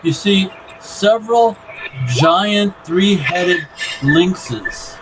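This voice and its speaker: A man running a tabletop game as game master, describing scenes in an unhurried, deliberate way. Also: sits high, lively intonation. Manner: describes scenes slowly and deliberately, often laughing. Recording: noisy online call recording.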